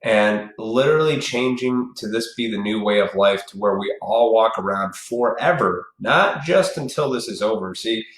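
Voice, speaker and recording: A man with a fairly low voice rants bluntly on his own live stream, swearing freely and lecturing his viewers directly. His speech is loose and conversational, full of asides to the audience. The sound is roomy and echoey, like a bare room picked up by a desk mic. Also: normal speed, few pauses. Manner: blunt, profane, preachy, talks straight to viewers. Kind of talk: casual ranting live stream.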